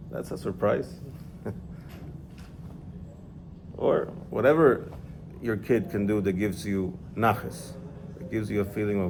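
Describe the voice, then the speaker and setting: Man teaching a laid-back class, slow and gravelly, keeps asking "yeah?". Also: lowish voice, noisy background. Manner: explanatory, checks in with "yeah?". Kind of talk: informal religious class.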